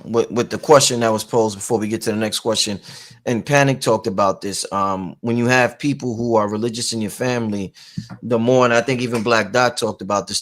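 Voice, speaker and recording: A man with a Harlem accent on a panel, talking in an animated, emphatic way with street slang. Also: mid-range voice. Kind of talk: panel discussion.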